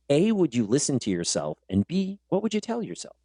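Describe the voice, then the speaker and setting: A man's voice: mid-range voice, fast talker, no echo. A man hosting a podcast and working as a teacher, telling stories in a casual way and acting out the dialogue. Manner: animated, acts out quoted dialogue. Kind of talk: casual conversational storytelling.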